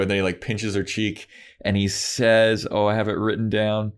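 A man's voice: on the low side, flat delivery, normal speed. A man co-hosting a podcast, recapping a TV episode in casual chat and acting out the characters' lines in exaggerated quoted voices. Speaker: podcast co-host.

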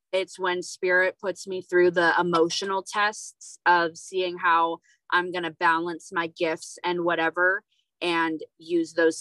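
A woman's voice: fairly low pitch, sharp tone, dry recording, low-quality recording. A woman hosting a casual podcast conversation, talking in a rambling, hesitant way with many fillers. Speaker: podcast host.

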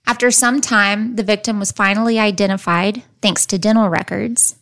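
A woman's voice: mid-range voice, steady tone, normal speed, fairly bright tone. A woman hosting a true crime podcast, telling a case from her notes in a casual, chatty way with playful asides. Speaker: podcast host. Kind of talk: casual chat and case narration.

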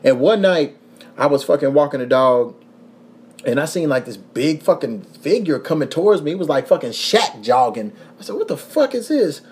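A young man from Kentucky hosting a casual podcast, telling profane, animated stories with frequent laughs. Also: fairly high pitch, normal speed. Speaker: podcast host.

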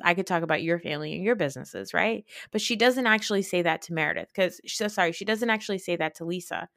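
Animated, swearing woman podcast host. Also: medium pitch, no room sound, clean studio sound. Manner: animated, exasperated, swears freely. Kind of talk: casual recap chat.

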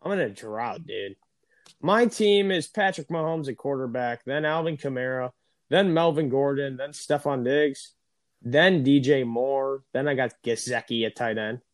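A man's voice: medium pitch, no room sound. A young man hosting a podcast in casual banter, ranting and swearing in a grumbling way. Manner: profane, grumbling, quick to rant. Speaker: podcast host. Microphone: recorded over a phone or call.

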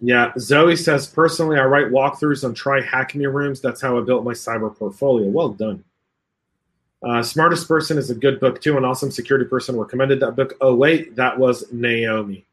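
A man's voice: mid-range voice, normal speed, a bit bright. A man hosting a casual cybersecurity panel chat, reading out comments, joking and laughing often, with lots of fillers.

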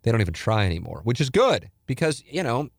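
A man's voice: medium pitch, very animated, fast talker, gravelly, no room sound, clean studio sound. A middle-aged man, a radio show host, talking candidly and rambling on a podcast. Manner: rambling, candid, self-correcting. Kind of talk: reflective podcast talk.

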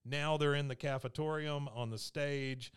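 A man's voice: on the high side, normal speed, clear, resonant tone. A man, casually recapping a TV episode and acting out the characters' lines, laughing often. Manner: animated storytelling, acting out quotes, laughs often. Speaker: podcast co-host recapping an episode.

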